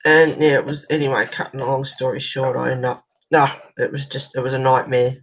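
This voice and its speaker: A woman's voice: a bass voice, flat delivery, a little fast, rough recording. An Australian woman hosting a colouring channel, telling a long rambling story in casual chat as she colours, swearing now and then.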